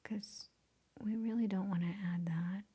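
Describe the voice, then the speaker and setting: A woman's voice: mid-range voice, fairly even intonation, measured pace, mellow, husky. A woman walking viewers through photo editing, drifting into whispers as she works and laughing at her own slip-ups. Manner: self-deprecating, often drops to a whisper while working. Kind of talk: casual screen-recorded tutorial.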